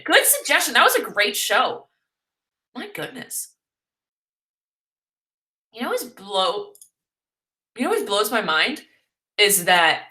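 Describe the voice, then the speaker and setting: A young woman vlogger chats in a bright, lively voice, joking as she answers viewer questions. Her pitch is on the high side. The room is echoey. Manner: chatty and playful, jokey asides.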